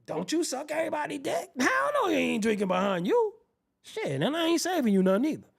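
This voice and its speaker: A man hosting his show, telling a comedic, profane story in an animated way and acting out the quoted voices. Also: extremely high pitch, brisk, gravelly, slightly rough. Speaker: show host.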